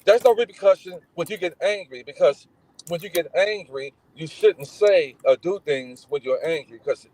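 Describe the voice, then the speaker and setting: A man's voice: on the high side, normal speed, low-quality recording. A middle-aged man from Gary, Indiana, telling family stories in casual talk, acting out the voices of people in them. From Gary, Indiana, United States. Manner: animated, acts out voices in his stories. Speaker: guest. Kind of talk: casual storytelling.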